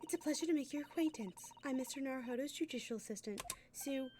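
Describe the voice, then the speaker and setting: A woman's voice: fast, a little hiss or hum, lightly acted. A woman voicing a polite, earnest young Japanese woman assistant, reading game dialogue aloud on stream in a raised, courteous voice. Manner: high, bright and courteous.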